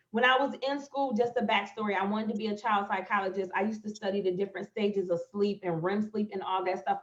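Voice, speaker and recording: Woman telling a story, echoey and dull. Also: medium pitch. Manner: emotional, storytelling, speaks to viewers as "y'all". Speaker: motivational speaker. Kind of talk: livestream talk on manifestation. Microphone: phone or webcam live stream. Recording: echoey, slightly dull live-stream audio.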